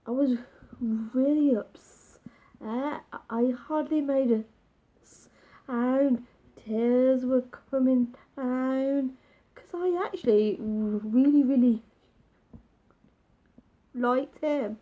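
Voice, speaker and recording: A woman talks slowly through a personal story, her voice set a little high and soft at the edges. She pauses, restarts and circles back as she goes. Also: rough recording. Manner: halting, emotional retelling with restarts. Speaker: vlogger.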